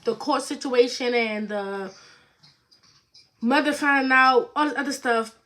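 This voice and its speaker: A young woman tells a personal story straight to camera, rambling and chatty, leaning on "like" and "you know what I'm saying". Her voice sits a little high and rings bright and sharp. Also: fairly even intonation, a little slow. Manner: chatty, rambling, lots of fillers and "like". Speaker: vlogger. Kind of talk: casual storytime.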